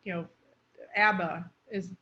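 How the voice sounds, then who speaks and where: A woman's voice: on the low side, fairly even intonation, slow, slightly rough. Woman speech coach explaining stress. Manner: draws out words to demonstrate stress. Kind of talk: explanatory teaching. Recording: muffled lo-fi recording.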